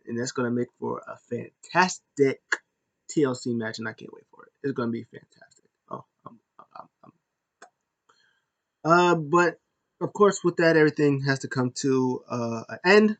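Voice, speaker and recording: A man talking at a middling pitch as he recaps a wrestling show in a loose, casual way. He rambles and corrects himself often, and breaks out in excited bursts now and then. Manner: rambling, many fillers and self-corrections.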